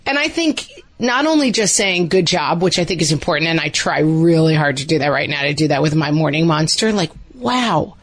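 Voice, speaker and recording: A woman's voice: deep voice, animated, brisk. A woman co-hosting a parenting podcast who talks in a chatty, rambling way, full of "like" and acted-out quotes. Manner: chatty, rambling, many fillers. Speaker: podcast co-host. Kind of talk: casual parenting podcast chat.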